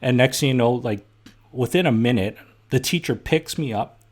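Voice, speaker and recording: He's a middle-aged Canadian podcast host whose mid-range voice runs at normal speed. His storytelling is casual, blunt and heated, and he swears freely.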